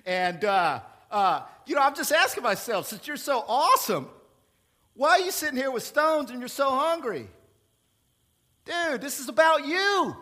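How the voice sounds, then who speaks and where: A man putting on a gushing, flattering devil. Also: very high voice, unhurried, pitched above the performer's own voice, exaggerated voice. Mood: gushing flattery. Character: flattering smooth-talking male devil tempter.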